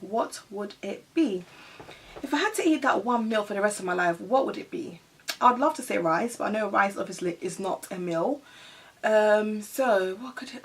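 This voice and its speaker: A woman's voice: medium pitch, husky, recorded from a distance. A woman in her thirties, a mother, chatting casually to her viewers in a Q&A tag video, laughing often. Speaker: vlogger.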